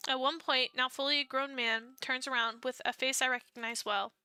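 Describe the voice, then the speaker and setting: A young woman streams a dating-sim game, voicing its story with feeling and breaking in with excited reactions. Her bright, smooth, slightly high voice moves at a moderate pace, captured close and dry with no room sound and soft game music beneath.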